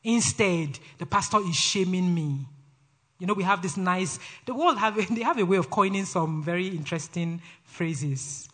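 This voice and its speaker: Brash high-voiced Nigerian preacher. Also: male voice, normal speed. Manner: brash, forceful, laughs often between phrases. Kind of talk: sermon.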